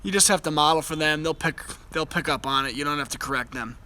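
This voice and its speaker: A man's voice: a little high, fast talker, sharp tone, a little hiss or hum, low-quality recording. A young man speaking live from outdoors by a fire, earnest and enthusiastic, often restarting his sentences. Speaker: host. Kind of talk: casual live chat.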